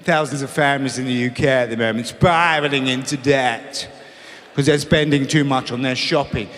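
Low earnest numbers guy, as a comedian puts him on, big echoey hall. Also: steady tone, normal speed, a bit bright, lightly acted. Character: droning male sidekick reciting statistics. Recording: live in a large echoing hall with audience.

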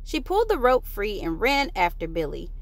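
A woman reading a children's picture book aloud, with expressive delivery and lively character voices. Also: medium pitch, moderate pace, no room sound. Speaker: storyteller.

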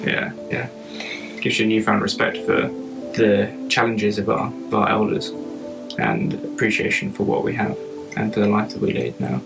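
A young man with a low, gravelly voice talks at home, reflective and earnest, and his thoughts ramble on a little. Soft guitar music plays clearly behind him. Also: normal speed, rough recording. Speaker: vlogger. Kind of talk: reflective casual chat. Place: home, indoors.

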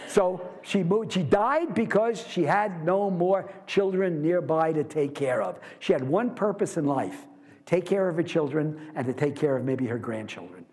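A man giving a university literature lecture, lively and posing rhetorical questions to his class. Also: fairly high pitch, moderate pace, slightly rough.

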